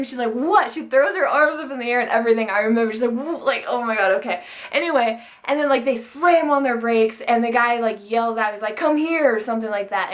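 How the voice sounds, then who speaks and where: A woman's voice: a little high, a bit bright. A young woman vlogger telling a personal story in a chatty, rambling way, full of fillers and frequent swearing. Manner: chatty, swears often, many likes and restarts. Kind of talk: casual storytime monologue.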